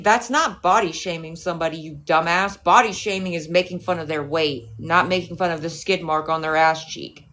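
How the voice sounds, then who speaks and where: A woman rants on her livestream, swearing freely and hitting back at a rival with open scorn. Her voice sits a little low for a woman. She mixes angry lines with mocking jabs aimed at the chat. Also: normal speed, few pauses, a bit bright. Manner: profane, confrontational ranting.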